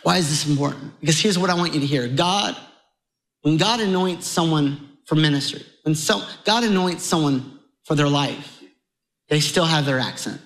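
A man preaching a sermon to a congregation, conversational and animated, his voice jumping higher as he gets excited. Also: normal speed, low-quality recording. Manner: animated, conversational preaching with sudden rises in pitch. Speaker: pastor.

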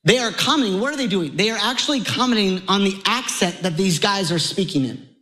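A man preaching a sermon to a congregation, conversational and animated, his voice jumping higher as he gets excited. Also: fairly quick, poor audio. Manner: animated, conversational preaching with sudden rises in pitch. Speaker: pastor.

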